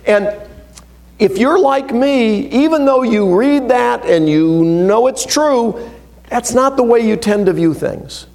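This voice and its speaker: A man preaching a sermon to his congregation. He reads scripture aloud with emphasis and swings between loud, stressed phrases and hushed, low asides. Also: lively intonation, takes it slowly, creaky. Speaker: pastor.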